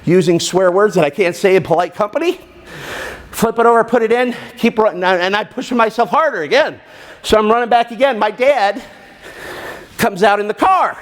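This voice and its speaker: A middle-aged man telling a story to an audience, animated and acting out the voices of people in it. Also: high-pitched.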